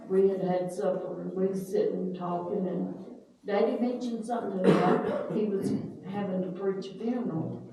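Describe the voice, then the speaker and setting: An older woman with a drawl reminisces about family, slow and unhurried, pausing to hunt for names. Her voice is mellow and dark. She sounds distant from the mic in a very echoey room with a faint background hiss. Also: fairly low pitch. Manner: rambling, searches for names aloud. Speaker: family storyteller.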